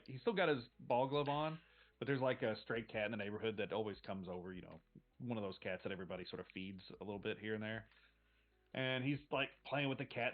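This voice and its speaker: A man narrating as game master of a tabletop game, relaxed and rambling. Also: fairly low pitch, narrow, tinny audio.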